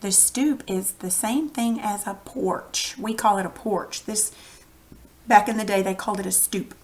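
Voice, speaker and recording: A woman's voice: medium pitch, measured pace. Texan woman teacher, conversational, walks kids through a reading lesson. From Texas. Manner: friendly explaining, conversational.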